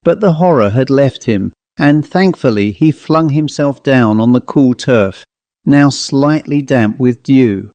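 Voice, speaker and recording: A man narrating a ghost story as an audiobook, in a measured, steady way. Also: medium pitch, no echo.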